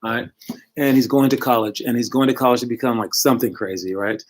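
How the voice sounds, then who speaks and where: A male youth basketball coach talks to his young players in a relaxed, encouraging way, often stopping to correct himself mid-sentence. His pitch sits in a plain middle range for a man. He speaks from home into a computer microphone. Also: fast talker. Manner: casual, encouraging, self-correcting. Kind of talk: motivational talk to young players.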